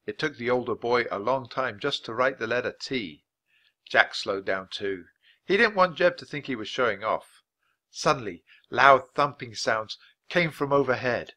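A man reading a children's chapter book aloud at a clear, natural pace for English learners. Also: mid-range voice, lively intonation, pushed and bright. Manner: clear, unhurried storytelling. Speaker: audiobook narrator.

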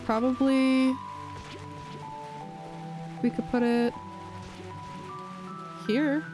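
A woman's voice: high-pitched, flat delivery, extremely slow, over music, poor audio. Rambling woman streamer chatting. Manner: rambling, filler-heavy chat. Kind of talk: casual gameplay chat.

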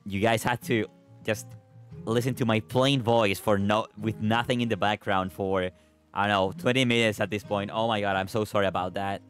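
A man's voice: lowish voice, fairly even intonation, moderate pace, faint music behind. Chatty young male streamer. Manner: chatty, giggly, thanks viewers, swears casually. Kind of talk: casual stream chat.

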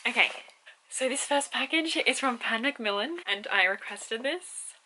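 A young woman in her twenties, vlogging casually about books and gushing with excitement, laughing often. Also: a little high, normal speed, slight background noise, poor audio. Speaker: book vlogger. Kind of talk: casual vlog chat.

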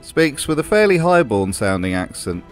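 A man narrates a comedic video essay with a mid-pitched voice and a dry, sarcastic delivery. Soft music plays underneath him. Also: very animated, moderate pace. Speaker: host.

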